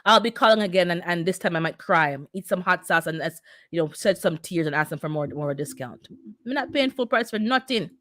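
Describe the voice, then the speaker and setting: A woman's voice: on the low side, lively intonation, fairly quick, a bit bright, dry recording, clean studio sound. A middle-aged woman who immigrated to North America, hosting a casual livestream and chatting back to her viewers' comments. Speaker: livestream host reading the chat.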